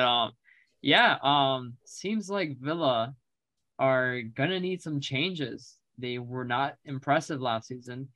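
A man's voice: medium pitch, fairly bright tone, no echo. An American man co-hosting a sports podcast, chatting casually and rambling with jokes and fillers. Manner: rambling, joking, lots of fillers. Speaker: podcast co-host.

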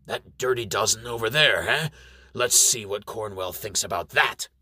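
A man's voice: on the low side, moderate pace, pushed and bright, slightly rough, exaggerated voice. A man voicing a brash male baron commanding his troops in a spoken fantasy story. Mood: scornful. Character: bold, brash male baron leading an army.

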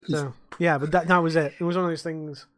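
A man's voice: fairly high pitch, fairly even intonation, fast talker, dry recording, clean studio sound. Sweary man ranting about bar work. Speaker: podcast co-host. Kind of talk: casual chat.

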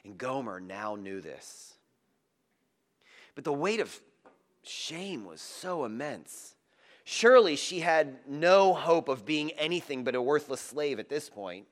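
A man preaching a sermon, moving between loud, emphatic lines and soft, hushed passages. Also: medium pitch, very animated, slow. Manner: dramatic, swinging from loud emphasis to hushed tenderness. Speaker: pastor.

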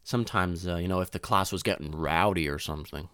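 Speaking quickly with a slightly bright, clean tone, a young man spins a long, loose comic tale in a dry, clean studio recording. Expect frequent swearing, lots of "dude" and "you know," restarts, and abrupt high-pitched voices for the people he quotes.

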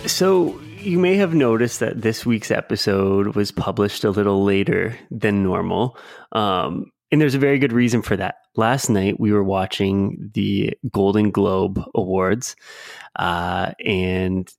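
A man's voice: lowish voice, a little slow, vocal fry, no echo, studio quality. A young man from Canada co-hosting a podcast in casual chat, agreeable and a little hesitant. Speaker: podcast co-host.

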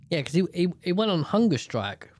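Podcast host, unhurried delivery, dry close sound, blunt and outspoken. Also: male voice, high voice, darkish tone, no room sound. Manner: blunt, outspoken, swears freely. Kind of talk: casual commentary.

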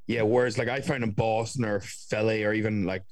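A man's voice: lowish voice, fairly even intonation, a little fast, no room sound. A young man, telling stories in a casual chat and swearing often. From Ireland. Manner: storytelling, swearing, doing voices of others.

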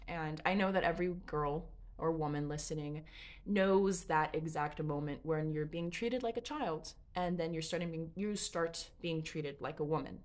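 A woman's voice: low voice, normal speed. Chatty, frank woman storyteller. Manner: chatty, digressive, frank, swears. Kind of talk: casual storytelling.

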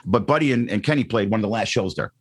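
A man's voice: on the low side, expressive, fast talker, slightly rough. A middle-aged man from the Chicago area, a radio DJ telling a story in a casual interview, acting out quotes with lots of ums and restarts. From Chicago area, Northwest Indiana. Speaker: radio DJ guest.

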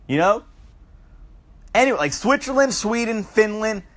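A young man ranting in a profane comedic vlog, loud and riled up, swearing and tacking on "bro" at the end of his lines. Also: sits high, big pitch swings, moderate pace. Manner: riled up, climbing into yelling at peaks.

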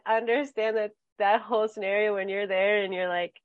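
A woman's voice: medium pitch, steady tone, moderate pace, no echo, lo-fi sound. A woman co-hosting a podcast, chatting casually and giggling as she retells shared moments. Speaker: podcast co-host. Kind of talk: casual chat.

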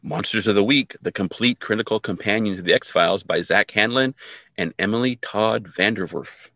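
A man's voice: on the low side, normal speed, sharp tone, no echo. A man co-hosting a podcast, chatting casually and joking through retakes, often stammering and restarting. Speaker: podcast co-host. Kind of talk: casual outtake banter.

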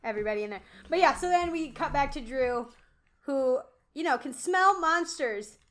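A woman with a high voice chats casually while recapping a show. She is wry and chimes in with short quips. Her tone stays easy and conversational. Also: expressive, normal speed, a bit bright. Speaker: podcast co-host.

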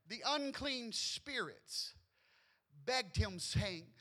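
Man, pastor, sermon, very high pitch, emphatic, playful. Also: expressive, slow. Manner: emphatic, playful, rising to loud preaching.

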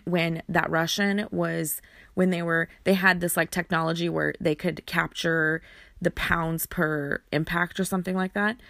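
Gravelly low-voiced woman telling her story. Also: fairly bright tone, no echo, clean studio sound. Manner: halting, repeats words, many fillers. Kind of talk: personal storytelling.

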